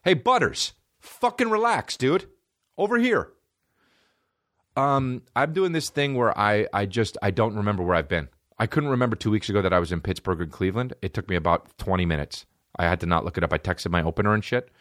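A man's voice: lowish voice, fast, few pauses, a bit bright, no echo. A man hosting a podcast, talking in a rambling, profane, comedic monologue from a studio. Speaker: podcast host.

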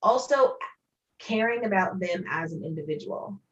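A woman journalist, a guest on a podcast, talking in a relaxed, casual way with many "like"s. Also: lowish voice, moderate pace, dull audio. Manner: relaxed, filler-heavy, frequent "like". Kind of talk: casual interview conversation.

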